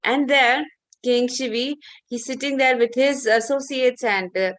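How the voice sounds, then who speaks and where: A woman's voice: sits high, fairly even intonation, unhurried, fairly bright tone, dry recording. A woman teacher telling a fable to children on a video call, patient and coaxing. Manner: patient, coaxing, many fillers. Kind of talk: online class storytelling for children.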